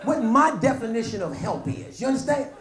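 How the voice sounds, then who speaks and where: A man doing stand-up on a comedy stage with a handheld mic, animated and shouting his punchlines. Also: extremely high pitch, a little fast, some chatter behind, slight background noise. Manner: animated, shouting punchlines, acting out quoted voices. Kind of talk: stand-up routine.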